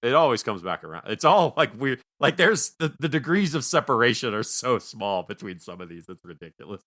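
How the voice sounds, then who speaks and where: A man's voice: medium pitch, big pitch swings, a little fast, bright, forceful tone. A man co-hosting a film podcast, talking casually and rambling with self-mocking jokes. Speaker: podcast co-host. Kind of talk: casual film review chat.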